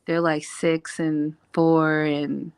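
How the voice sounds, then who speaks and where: A woman hosting a casual video-call chat, telling animated stories and acting out what people said. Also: low voice, extremely slow, smooth. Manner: animated storyteller who acts out quotes. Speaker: reading sprint host.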